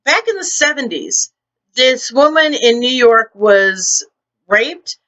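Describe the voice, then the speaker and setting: Bright, blunt woman ranting on a vlog. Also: fairly high pitch, lively intonation, takes it slowly. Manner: blunt, profane and indignant. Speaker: writer and vlog host. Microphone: computer microphone.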